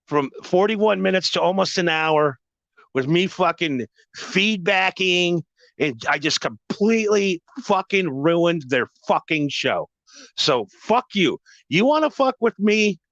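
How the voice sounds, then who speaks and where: A man's voice: high-pitched, a bit bright, dry recording, highs cut off. A man hosting a podcast, ranting in a profane, emphatic, repetitive way. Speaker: podcast host.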